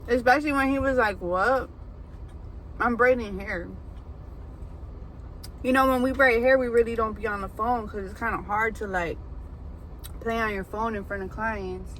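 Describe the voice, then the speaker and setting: A woman who braids hair, telling a story in a casual, animated way with lots of fillers. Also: a little high, moderate pace, long pauses, a little hiss or hum, poor audio. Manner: animated, chatty, many fillers. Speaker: hairbraider and food vlogger. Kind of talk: casual storytelling while eating.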